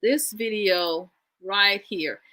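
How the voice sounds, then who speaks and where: A woman's voice: mid-range voice, drawn-out words, pushed and bright. A woman from the United States hosting a live stream, chatting with viewers in a friendly way with many fillers. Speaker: channel host.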